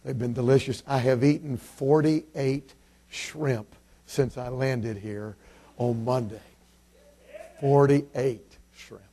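Baptist preacher from Illinois, mellow voice. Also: male voice, steady tone, slow pace, long pauses, slightly rough. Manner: shifts from soft, low-key thanks to loud, emphatic preaching and scripture reading. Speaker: visiting preacher. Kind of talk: sermon.

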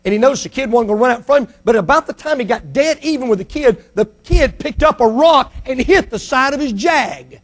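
A male preacher delivering a sermon and telling a story, emphatic and repetitive, dropping quiet for his key points. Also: extremely high pitch, animated, a little fast, hardly any pauses.

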